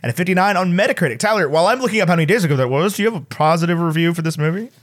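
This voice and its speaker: Man, podcast co-host, casual comedic chat, rambling, slightly high voice. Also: lively intonation. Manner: quick, rambling, self-interrupting. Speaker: podcast co-host reading reviews.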